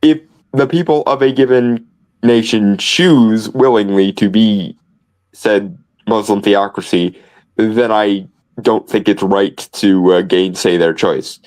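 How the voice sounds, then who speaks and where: A man's voice: lowish voice, steady tone, takes it slowly, darkish tone, poor audio. A man co-hosting a podcast in casual commentary, sardonic and wordy, often restarting phrases. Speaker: podcast co-host.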